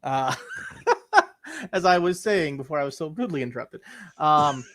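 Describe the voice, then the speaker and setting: Rambling man with a slightly high voice. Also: lively intonation, normal speed, fairly bright tone. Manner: rambling, crude jokes, repeats himself. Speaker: podcast co-host. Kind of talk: casual chat.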